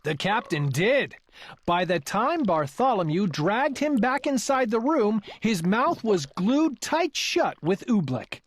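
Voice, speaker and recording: A woman reading a children's picture book aloud in a lively, expressive storytelling manner. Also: mid-range voice, takes it slowly, a little hiss or hum. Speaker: storybook reader.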